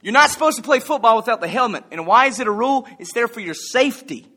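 Guy preaching a chatty sermon, kinda high voice, folksy and jokey. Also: lively intonation, fast talker, bright, forceful tone. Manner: folksy, conversational, jokes with the congregation. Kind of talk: casual sermon with anecdotes.

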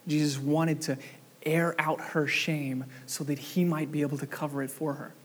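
Young male pastor preaching, lively and engaging, pitched a bit high. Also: moderate pace, slight background noise. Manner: animated, asks the congregation questions. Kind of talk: sermon.

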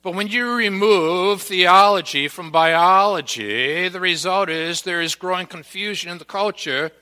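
A man preaching a sermon as pastor to his congregation, deliberate and emphatic, leaning hard on repeated key words. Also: high voice, sharp tone, big-room sound.

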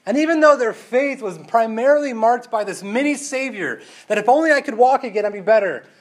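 A man preaching a casual sermon, full of rhetorical questions and tag questions, moving between loud emphasis and quiet asides. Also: very high-pitched, animated, fairly quick. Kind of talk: conversational sermon.

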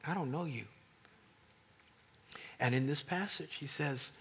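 Middle-aged male preacher, slightly husky, animated sermon delivery with emphatic climbs. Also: a little high, a little slow, pauses often.

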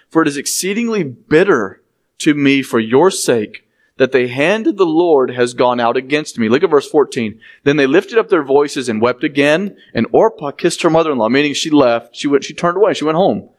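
A man, preaching a sermon as he reads scripture aloud and explains it, with conversational asides to the congregation. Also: medium pitch.

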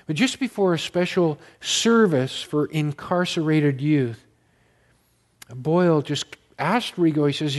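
Slow, earnest preacher man. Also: a little high. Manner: slow, earnest storytelling with emphatic repetition. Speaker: pastor. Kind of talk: sermon.

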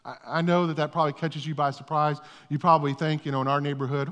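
Talkative pastor preaching in a reverberant church. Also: male voice, fairly high pitch, quick pace, hardly any pauses, a bit bright. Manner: conversational, self-deprecating, repeats words when starting. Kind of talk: sermon. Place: church sanctuary. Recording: long reverb of a church hall.

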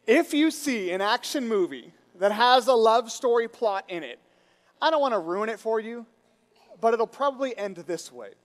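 A man preaching a sermon to his congregation, telling a story with lively, rising emphasis. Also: extremely high pitch, moderate pace. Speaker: pastor. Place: church sanctuary. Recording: reverberant hall.

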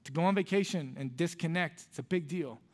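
A man, a pastor preaching a sermon in a church and telling a personal story in an earnest, conversational way that drops to soft, quiet lines. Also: a little high, a little fast. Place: church sanctuary.

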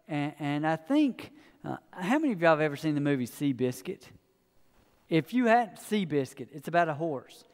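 High-voiced pastor preaching. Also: male voice, clean tone. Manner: folksy, storytelling, addresses congregation as y'all. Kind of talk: sermon. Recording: long hall reverb.

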